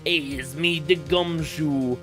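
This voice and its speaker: A man voicing a gruff, blustering male detective from a video game while reading its dialogue aloud. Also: a little high, steady tone, slow, a bit bright, faint music behind.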